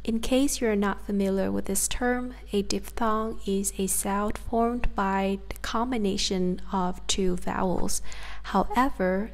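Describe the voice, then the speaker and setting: A woman's voice: mid-range voice, creaky. A woman with a Southern Vietnamese accent teaching a pronunciation lesson, carefully demonstrating each sound. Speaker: language teacher.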